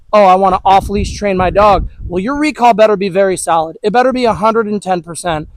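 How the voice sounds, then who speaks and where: A man with a notably high voice, chatting his way through an outdoor dog training lesson. His delivery is relaxed and loose, peppered with "all right" and "you know". The recording is dry and close. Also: no echo, low-quality recording. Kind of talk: casual instructional talk. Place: outdoors with dogs.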